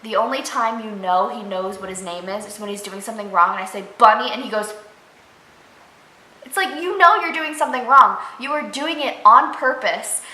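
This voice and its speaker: A woman's voice: on the high side, animated, normal speed, pushed and bright. A young woman vlogging casually about her pet rabbit, chatty and gushing. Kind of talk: casual pet tag vlog. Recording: echoey room, faint noise.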